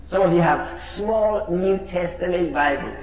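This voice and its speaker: A man preaching a sermon with fervor, swinging between shouts and low asides. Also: a little slow, echoey room, rough recording.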